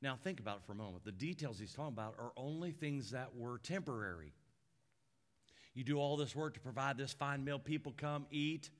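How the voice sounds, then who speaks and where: A male pastor preaching a conversational sermon, often dropping soft and low for emphasis. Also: brisk.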